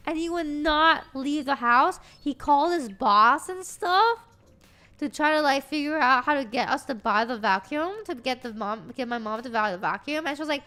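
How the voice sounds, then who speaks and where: A woman streamer chatting casually, telling stories in an animated, profane way. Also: sits high, moderate pace. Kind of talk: casual livestream chat.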